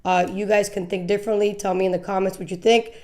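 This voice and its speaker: A woman hosting a live political talk show, blunt and animated, often repeating words as she talks. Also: medium pitch, quick pace. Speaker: host. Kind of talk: casual political commentary.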